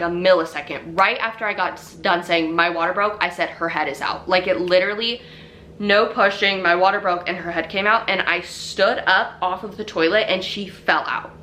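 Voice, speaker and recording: A woman's voice: fairly low pitch, pushed and bright, slight background noise. A young woman telling her own story in a chatty, casual way, full of fillers.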